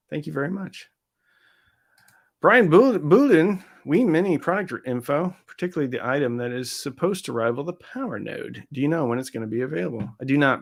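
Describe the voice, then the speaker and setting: A man hosting a casual live stream, reading out viewer comments and answering them in a loose, chatty way with lots of fillers and quick asides. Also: on the high side, gravelly.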